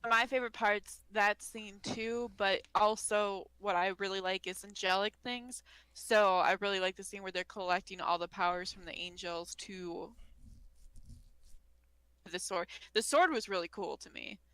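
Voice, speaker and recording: A woman's voice: medium pitch, fairly even intonation, moderate pace, a bit bright, smooth, no room sound, low-quality recording. A woman co-hosting a casual anime review chat, earnest and enthusiastic about the show. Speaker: co-host.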